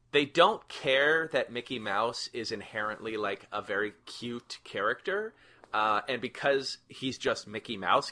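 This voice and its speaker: A man chatting casually on a podcast, animated, swearing now and then and using lots of fillers. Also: on the low side.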